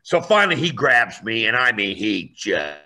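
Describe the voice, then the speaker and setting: A man telling a story in a lively, animated way, acting out voices and raising his voice for effect. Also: fairly low pitch, normal speed.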